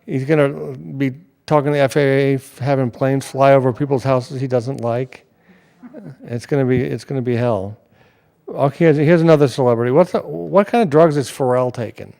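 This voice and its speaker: A man's voice: mid-range voice, steady tone, moderate pace, vocal fry, warm tone. A man hosting a comedy show, bantering casually with the audience in rambling, joking asides. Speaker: show host.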